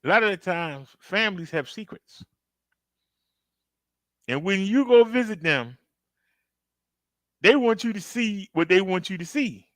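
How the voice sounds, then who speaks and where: A man with a high, expressive voice hosts a reaction video, speaking unhurriedly with long pauses and no room sound. He addresses his viewers directly in casual, emphatic commentary, acting out outbursts as he tells a story.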